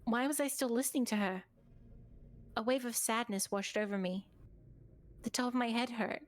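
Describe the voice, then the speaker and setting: A woman streamer reading a horror game's narration aloud in a steady, earnest storytelling way. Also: fairly high pitch, normal speed.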